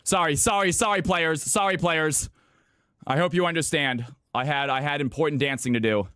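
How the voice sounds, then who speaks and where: A man's voice: a little high, moderate pace, fairly bright tone, smooth, no room sound, clean studio sound. A man hosting viewer games on a live stream, hyped and chatty, often repeating himself as he sorts players. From California. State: out of breath.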